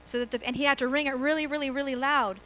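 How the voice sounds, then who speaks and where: A middle-aged woman pastor delivers a conversational sermon in a church, her voice high and bright. She tells stories with laughs and acts out quotes. A faint hum sits behind her. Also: steady tone, quick pace, poor audio.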